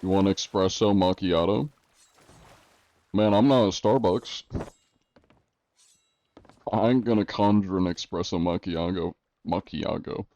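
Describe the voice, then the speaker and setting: A man's voice: low voice, a little slow, pauses often, warm tone, lo-fi sound. A man streaming live, chatting casually with his viewers and answering them with dry jokes. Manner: dry, joking, answers chat. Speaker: game streamer.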